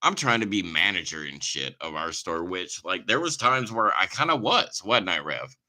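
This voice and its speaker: A man's voice: sits low, normal speed. A man hosting a casual podcast, rambling through stories with swearing and hype-style plugs. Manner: animated, rambling storyteller with profanity and hype ad reads. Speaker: podcast host.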